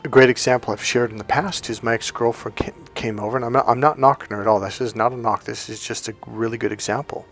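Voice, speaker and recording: A middle-aged man coaching on relationships in a loose, talky monologue. His voice sits at an ordinary middle pitch, and he plays out both sides of a quarrel as he tells it. Faint music runs underneath. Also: fast talker, hardly any pauses. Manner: animated storytelling, acts out both sides of a quarrel. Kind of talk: casual monologue.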